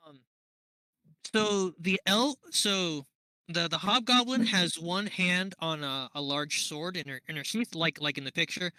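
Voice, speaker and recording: Slow, bright-voiced game master man. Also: high-pitched, dry recording, rough recording. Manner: unhurried, laughs often, thinking aloud. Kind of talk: narrating a tabletop game.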